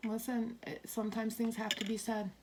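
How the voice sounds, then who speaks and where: A middle-aged woman giving a tarot and coffee-ground reading, rambling, cursing now and then, and slipping into soft whispers. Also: on the high side, flat delivery, normal speed, background noise. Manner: swears freely when relaying messages. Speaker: tarot reader.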